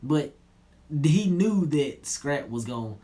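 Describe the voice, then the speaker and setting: A young man telling a personal story in a relaxed, slangy way, often trailing off low and quiet. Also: slow pace. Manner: laid-back slangy retelling, drops low and quiet at line ends. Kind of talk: casual storytelling.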